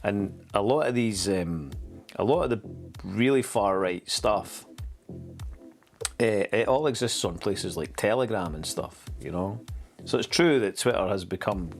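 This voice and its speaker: A man's voice: on the low side, lively intonation, measured pace, soft background music. Rambling sardonic man. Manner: rambling, sardonic, frequent fillers and restarts. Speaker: podcast host. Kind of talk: casual commentary.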